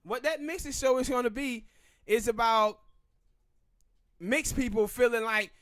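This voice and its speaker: Southern male podcast host, high-pitched, opinionated, talks with hard emphasis. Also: fairly bright tone, dry recording, clean studio sound. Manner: emphatic, ranting, drawn-out pauses. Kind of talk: opinionated casual commentary.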